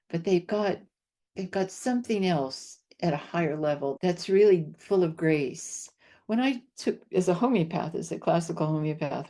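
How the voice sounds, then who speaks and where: Low, mellow older woman guest. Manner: earnest, reflective, repeats key phrases for emphasis. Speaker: podcast guest, homeopath. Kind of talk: interview conversation.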